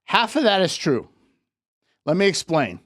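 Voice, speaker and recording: A man's voice: high voice, very animated, measured pace, a bit bright, no room sound, studio quality. A man coaching on relationships in a live talk, lecturing emphatically with repeated points.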